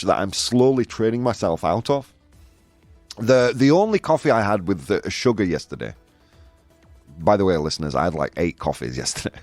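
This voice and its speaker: Yorkshire male podcast host, lively rambling delivery, dry recording. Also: on the low side, no room sound. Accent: Yorkshire English. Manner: animated, jokey, rambling with restarts. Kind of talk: casual podcast chat.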